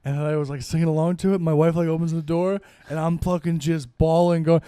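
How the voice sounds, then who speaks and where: A man's voice: a little high, little pitch movement, fairly quick, few pauses, dark tone, clear, resonant tone, no room sound. A man from the United States, a comedian guest on a podcast, chatting in a profane, joking way. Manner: profane, joking, breaks into mock singing. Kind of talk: casual podcast chat. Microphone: handheld microphone.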